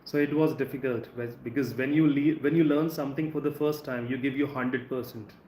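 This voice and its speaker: A man with an Indian English accent teaching English in a live stream, speaking conversationally and drawing out words slowly to show word stress. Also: mid-range voice, fairly even intonation, a little mellow. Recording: echoey room with faint ambient noise.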